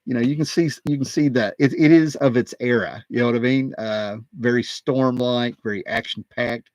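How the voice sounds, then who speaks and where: A man hosting his own video, talking casually and excitedly, wandering off on tangents with plenty of fillers. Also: mid-range voice, dry recording. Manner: excited, digressive, many fillers. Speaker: comic book collector and video host. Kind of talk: casual rambling talk.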